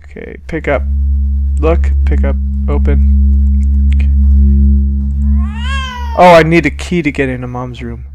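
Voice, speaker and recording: A man's voice: medium pitch, huge pitch swings, a little slow, long pauses, highs cut off, noisy background. A man hosting a horror game let's-play, jumpy and exclaiming, talking back to the game as he plays. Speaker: gaming channel host.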